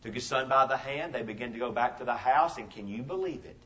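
Heard through a distant mic on a dull lo-fi tape, a fifty-something pastor delivers a sermon in a mid-range, fairly bright voice. He talks fast, driving his stories home with emphasis and returning again and again to key phrases.

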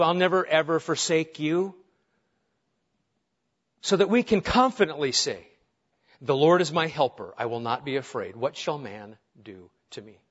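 A man's voice: medium pitch, slightly rough. A male pastor preaching an earnest, emphatic sermon, asking his listeners rhetorical questions. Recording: dull lo-fi sound.

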